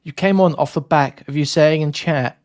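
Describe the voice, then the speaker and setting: A man's voice: fairly high pitch, normal speed, darkish tone, no echo. Blunt guy on a stream debate, crude and mocking, dry sound. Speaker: debate panelist. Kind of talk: heated online debate.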